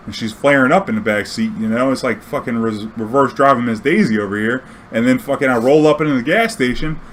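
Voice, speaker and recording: A man from Louisiana telling a long cab story in a profane, animated way, acting out the dialogue. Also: mid-range voice, slight background noise. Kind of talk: casual storytelling.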